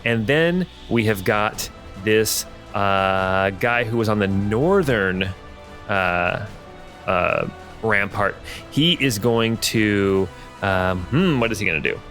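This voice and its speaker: A man running a tabletop game as game master, thinking aloud and often pausing with ums and restarts. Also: on the low side, lively intonation, a bit bright, faint music behind.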